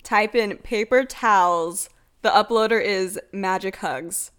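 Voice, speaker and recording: A woman's voice: medium pitch, slow pace, fairly bright tone, clean tone. Bubbly young woman co-hosting a podcast. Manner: bubbly, giggly, chatty. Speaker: podcast co-host. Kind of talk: casual podcast chat.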